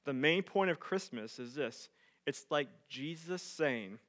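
A male pastor preaching, dropping to hushed tones and rising to loud emphatic peaks as he tells a story. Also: fairly high pitch, lively intonation, slow. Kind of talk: sermon.

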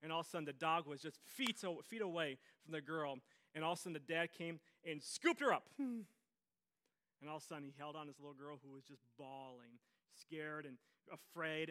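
A man's voice: on the high side, pushed and bright. A man preaching a sermon as pastor, telling stories with energy and repeating his phrases for emphasis.

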